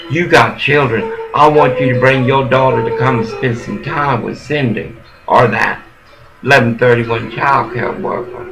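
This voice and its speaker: A man's voice: mid-range voice, rough recording. A man delivering a rambling, profane, angry monologue that scolds his listeners. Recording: music playing loudly behind. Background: clear music.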